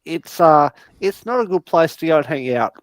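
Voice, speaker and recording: A man's voice: a little high, expressive, moderate pace, no echo. Sweary older Australian man, dry mic. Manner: heavy swearing, heated rants. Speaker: podcast co-host. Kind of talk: casual online chat.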